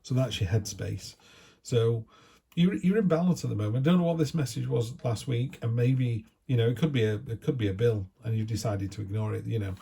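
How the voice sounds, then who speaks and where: A man's voice: medium pitch, a little fast, vocal fry, dark tone, slightly rough. A middle-aged man giving a casual, chatty, down-to-earth tarot reading. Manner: chatty, down-to-earth, acts out little quoted asides. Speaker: tarot reader.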